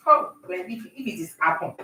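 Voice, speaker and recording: A woman chatting with viewers on a live stream while she bakes at home, talking warmly and greeting people by name. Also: fairly low pitch, animated, a little fast, roomy sound, recorded from a distance, slight background noise, low-quality recording. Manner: warm, talkative, talks to viewers by name. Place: home kitchen.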